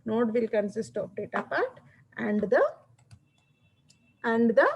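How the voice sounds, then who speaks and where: A woman's voice: on the high side, expressive, takes it slowly, husky, rough recording. A woman giving a classroom lecture, explaining step by step and often checking that students follow.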